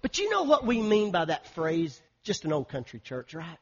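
A man preaching a sermon, calling out "Amen?" and swinging from loud urging to soft storytelling. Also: fairly high pitch, huge pitch swings, normal speed, breathy edge, lo-fi sound. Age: 50s. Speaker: pastor.

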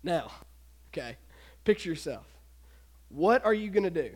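A man giving a casual, animated youth sermon, retelling a story and acting out the voices of the people in it. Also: on the high side, normal speed. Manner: animated, acts out voices, laughs often.

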